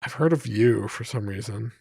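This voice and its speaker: A man's voice: fairly low pitch, normal speed, gravelly, a little mellow, breathy edge, no room sound, clean studio sound. A man streaming live, rambling playfully to his chat as he reads place names aloud.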